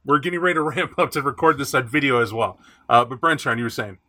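A man hosting a podcast in casual chat, animated and chatty, reading aloud from a rulebook. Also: medium pitch, fast talker. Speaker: podcast host.

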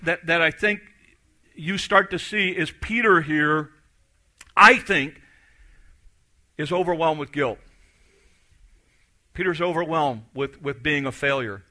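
Bright-voiced man preaching a sermon. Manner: storytelling, acts out voices, drops to soft low emphasis. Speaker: pastor.

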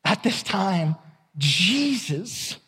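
A man's voice: high-pitched, very animated, very slow, sharp tone, breathy edge, big-room sound. A middle-aged man preaching a sermon as pastor, candid and conversational, often repeating his words.

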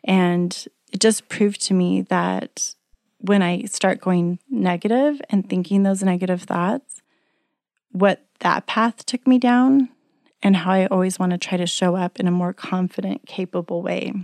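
A woman's voice: lowish voice, fairly even intonation, a little slow, a little mellow, dry recording, studio quality. Earnest woman giving a motivational talk. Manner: earnest, coaching, chatty with fillers. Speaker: self-help speaker; single mother of teenagers.

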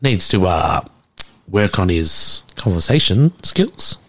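Lively Aussie male host, young, sweary storyteller. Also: low voice, slow pace. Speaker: podcast co-host. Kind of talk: casual chat.

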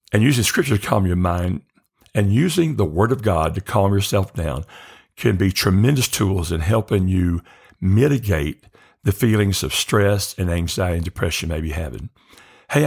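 A low-voiced man hosts a faith podcast. His voice is gravelly and a little husky. He talks calmly and slowly, repeating short phrases as he guides the listener's breathing. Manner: slow, calm, repeating phrases meditatively. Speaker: podcast host.

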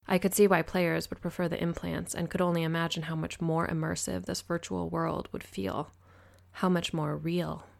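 A woman narrating an audiobook in the first person, in an even, measured reading. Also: lowish voice, vocal fry.

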